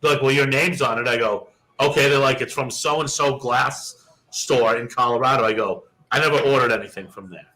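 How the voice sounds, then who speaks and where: Bright-voiced man telling a casual story. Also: medium pitch, a little fast, low-quality recording. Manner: profane, animated storyteller who acts out quoted dialogue. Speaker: podcast co-host.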